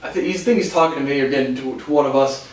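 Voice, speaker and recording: A man's voice: medium pitch, rapid-fire. A young man telling casual stories with lots of laughs, restarts and fillers. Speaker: podcast host. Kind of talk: casual storytelling. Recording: roomy, distant from the mic.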